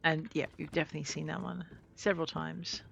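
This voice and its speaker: A woman's voice: low voice, little pitch movement, fast, gravelly, dull audio, slight background noise. A woman giving casual, chatty commentary while playing a video game and talking to its characters. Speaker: gameplay streamer.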